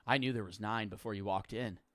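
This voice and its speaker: A man's voice: fairly low pitch, steady tone, fairly quick, a bit bright, no room sound. A young man streaming, reacting to a prank video with blunt, jokey, foul-mouthed commentary on a close mic. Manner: blunt, swears freely, jokey.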